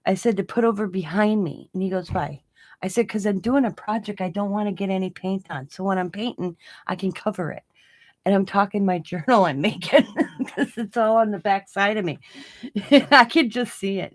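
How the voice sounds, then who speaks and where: A woman's voice: mid-range voice, a little fast, darkish tone, low-quality recording. A woman hosting a casual crafting livestream from her home craft room, chatting in a rambling way and laughing often. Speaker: craft channel host.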